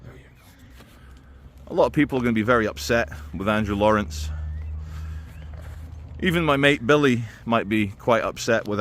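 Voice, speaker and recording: A man talking through his opinions in a casual, animated monologue to camera. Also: medium pitch. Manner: conversational and animated, with quoted impressions. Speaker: video commentator.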